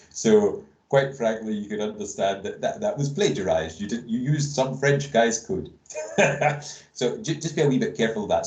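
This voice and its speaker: A man's voice: on the low side, darkish tone, roomy sound, rough recording. A man giving a casual induction lecture to new students, rambling with lots of fillers and restarts and dropping jokes. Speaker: university lecturer. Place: online meeting recording. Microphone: computer mic on a video call.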